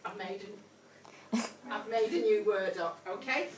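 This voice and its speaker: A woman's voice: mid-range voice, unhurried, heavy background noise. A woman teaching a primary class, encouraging and repeating her prompts, calling pupils sweetheart. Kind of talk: whole-class phonics lesson. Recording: echoey classroom from far off.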